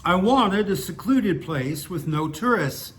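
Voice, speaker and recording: A man's voice: high voice, expressive, slow, a little hiss or hum. Older man reading his own stories. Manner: digressive, self-mocking asides. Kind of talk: story reading with chatty asides.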